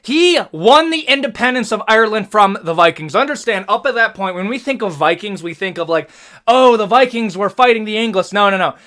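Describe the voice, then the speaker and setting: A young American man with an American accent giving slangy, animated tier-list commentary as host, swearing freely. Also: high-pitched, brisk. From United States.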